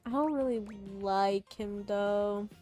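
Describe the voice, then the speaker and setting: A woman's voice: mid-range voice, slow pace, dark tone, soft background music. A woman VTuber streamer giving casual, joking commentary while playing a dating game. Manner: wry, joking reactions.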